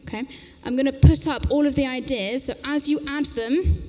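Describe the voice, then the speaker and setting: A woman teacher trainer leading an interactive workshop, talking briskly and upbeat and often checking in with "okay?", recorded in a large lecture hall. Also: high-pitched, fairly even intonation, warm tone. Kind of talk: interactive conference workshop talk.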